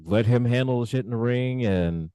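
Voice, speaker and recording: A man's voice: medium pitch, normal speed, dark tone, clear, resonant tone, no room sound. A man co-hosting a casual wrestling podcast, interjecting with short, laid-back comments. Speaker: podcast co-host.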